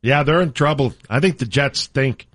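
A man voicing a slow, easygoing male Canadian radio co-host with a put-on Canadian accent and an agreeable drawl. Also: medium pitch, a bit bright, no room sound, pitched below the performer's own voice, close to an everyday voice.

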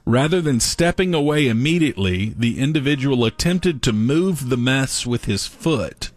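A man co-hosting a casual talk show, telling a gross news story in an animated way and laughing through it. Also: mid-range voice, moderate pace. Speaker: podcast co-host. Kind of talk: casual chat, reading a news story aloud.

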